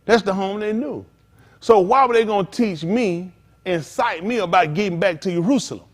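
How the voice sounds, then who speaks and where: A man's voice: high voice, moderate pace. A man preaching a sermon as pastor, with call-outs to listeners and acted-out asides.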